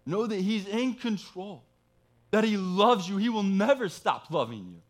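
A man preaching a sermon as a pastor, telling a personal story in a casual way, swinging between loud pleading and hushed, soft talk. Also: high-pitched, lively intonation, measured pace.

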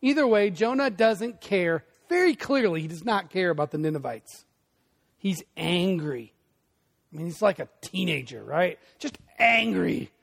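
Preaching at a measured pace, a male pastor speaks high, with big pitch swings and vocal fry. His conversational sermon mixes loud outbursts, quiet emphasis and frequent asides to the congregation.

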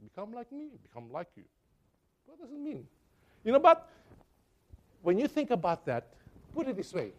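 High-voiced preacher. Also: male voice, huge pitch swings, moderate pace, long pauses. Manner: impassioned and pleading, with sudden swings between loud and soft. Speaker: pastor. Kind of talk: sermon.

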